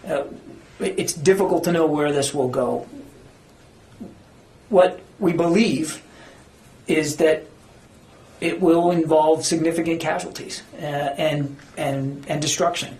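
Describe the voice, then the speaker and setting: A man's voice: fairly high pitch, takes it slowly, long pauses, a little mellow. A man speaking as a government spokesman, answering reporters' questions at a press briefing in an earnest, emphatic way, sometimes searching for words. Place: briefing room. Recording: echoey briefing room.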